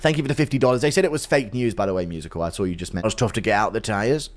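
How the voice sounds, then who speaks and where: A man with a fairly low voice hosts a livestream at a rapid-fire pace, reading out chat donations and launching into animated, profane rants full of heavy swearing.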